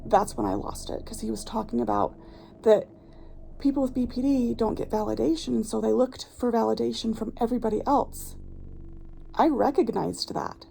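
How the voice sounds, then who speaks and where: A woman's voice: on the high side, normal speed, gravelly, warm tone, a little hiss or hum, poor audio. A woman vlogger telling a personal story in a blunt, passionate, candid way, swearing freely. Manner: candid, recounting events with strong feeling. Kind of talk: casual vlog storytime.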